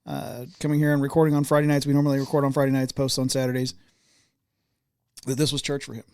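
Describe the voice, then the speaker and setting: A man co-hosting a faith podcast, speaking casually with many pauses and restarts. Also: medium pitch, monotone, darkish tone, smooth, no room sound, studio quality. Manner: halting, many fillers and restarts. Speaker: podcast co-host. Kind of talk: casual chat.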